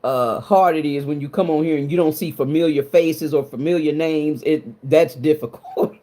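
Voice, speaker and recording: A woman's voice: low voice, normal speed, dark tone. A woman hosting a casual livestream, chatting with viewers and greeting them by name, emotional and confiding, laughing often. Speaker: livestream host.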